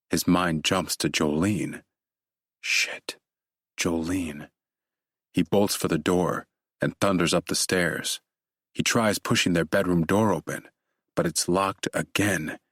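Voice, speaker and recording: A male audiobook narrator with a very low voice reads a thriller in a measured, steady way. The recording is close and dry. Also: dry recording.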